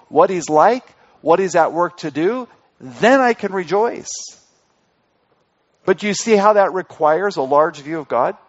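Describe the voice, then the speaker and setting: Male pastor, interactive sermon; a touch high-pitched, muffled lo-fi recording, repeats key phrases. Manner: asks the congregation questions, repeats key phrases. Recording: dull lo-fi recording.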